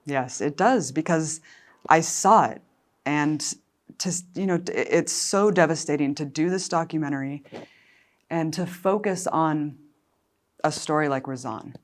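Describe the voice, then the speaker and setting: Woman, low voice, interview guest, documentary filmmaker, passionate, indignant, emotional. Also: a little slow. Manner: emotional, on the edge of tears at times.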